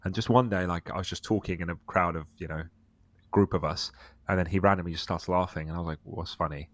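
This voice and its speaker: A man's voice: low-pitched, steady tone, fast, dry recording. A man with a British accent chatting on a podcast, telling personal stories and laughing often. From Britain. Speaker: podcast co-host. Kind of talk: casual podcast chat.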